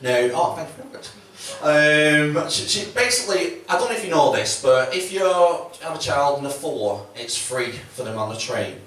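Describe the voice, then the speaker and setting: A man's voice: fairly high pitch, expressive, moderate pace, a bit bright. A man doing a chatty, swearing stand-up set, often acting out quotes. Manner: chatty, swearing, self-mocking, acts out quotes. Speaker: stand-up comedian. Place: comedy club stage. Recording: echoey room, mic from a distance, faint noise.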